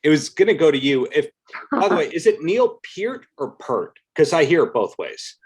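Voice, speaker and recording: A man's voice: a little high, expressive, a little fast, husky, rough recording. A man hosting a casual interview on a video call, asking follow-up questions. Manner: friendly, asks follow-up questions. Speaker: podcast host.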